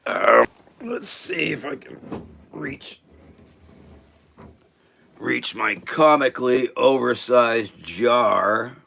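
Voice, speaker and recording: A man's voice: medium pitch, drawn-out words, gravelly, pauses often, sharp tone. A man hosting his own casual livestream chat show, rambling and joking as he talks. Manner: rambling, jokey, self-promoting. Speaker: host.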